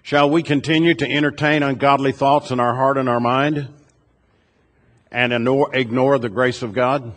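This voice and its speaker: Guy preaching a sermon from the pulpit, steady repeated questions, big echoey church hall. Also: mid-range voice. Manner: measured, rhetorical repeated questions. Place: church sanctuary. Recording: long reverb of a church hall.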